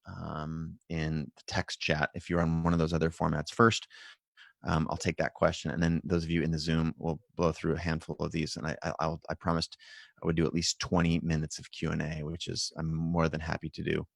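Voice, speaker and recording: A man's voice: rumbling low, monotone, a little fast, gravelly, no room sound, studio quality. A man hosting a live-stream Q&A, talking casually and encouragingly to his viewers and callers. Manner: encouraging, loose and conversational. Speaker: host of a live video Q&A. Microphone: live-stream setup with video call.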